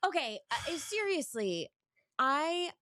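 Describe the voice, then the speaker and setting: Lively, gushing woman host, dry sound. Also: high voice, takes it slowly, no echo. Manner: effusive, gushing exclamations. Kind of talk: interview hosting.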